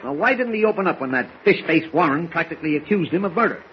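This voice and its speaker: An actor in a 1940s radio drama playing a blustering, hot-tempered newspaper editor who sputters and shouts colorful exclamations. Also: male voice, fairly high pitch, expressive, quick pace, close to an everyday voice. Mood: worked up. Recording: dull old radio recording with faint hiss.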